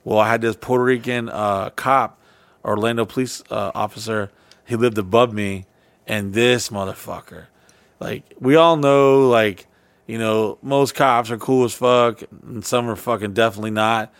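A man's voice: fairly low pitch, fairly even intonation, moderate pace, smooth, no echo. A man hosting a podcast, telling rambling stories in casual, profane chat. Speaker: podcast host.

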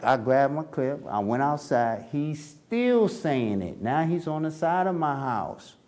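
Speaking at a measured pace with a darkish tone, a very animated man candidly tells stories from his own past. He uses casual street slang and acts out other people's voices, shifting his pitch for each quote.

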